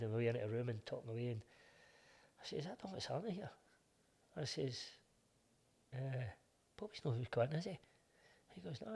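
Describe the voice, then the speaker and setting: A middle-aged Scottish football coach, medium-pitched with vocal fry, tells stories casually as an interview guest. He animates his anecdotes by acting out old conversations in reported speech.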